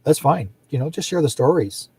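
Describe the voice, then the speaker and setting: A middle-aged man with a slightly high, animated, warm and slightly rough voice speaks briskly as host of a psychic show. His casual livestream chat rambles, he laughs often, and he acts out the people he quotes.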